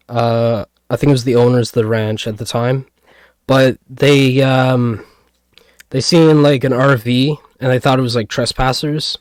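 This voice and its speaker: A man co-hosting a casual podcast talks in a smooth, mid-range voice, rambling and hesitant with many fillers and restarts. The audio is studio quality with no room sound.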